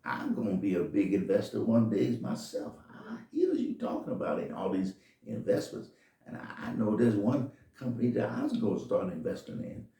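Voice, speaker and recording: Guy doing a clever little shoe shine boy, talks folksy, gravelly edge, mic far off. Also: fairly low pitch, huge pitch swings, normal speed, dark tone, roomy sound, pitched above the performer's own voice, exaggerated voice. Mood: boastful. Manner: folksy non-standard grammar.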